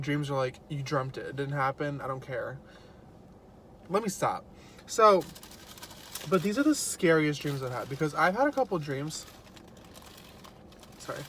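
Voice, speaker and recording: Give me a young man with a slightly high voice, animatedly telling stories in a casual eating vlog. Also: slight background noise. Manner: chatty, lots of "like" fillers, animated storytelling. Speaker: vlogger. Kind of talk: casual mukbang chat.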